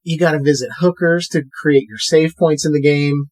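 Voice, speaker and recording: Guy hosting a podcast, kinda high voice, quick chatty plugs. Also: steady tone. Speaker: podcast host. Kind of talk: casual podcast chat.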